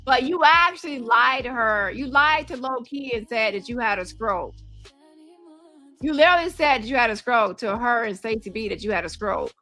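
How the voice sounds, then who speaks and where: A woman hosts a commentary stream, speaking to camera in a slightly high, sharp, animated voice at normal speed over soft background music. She talks heatedly and repeats herself while piling up accusations.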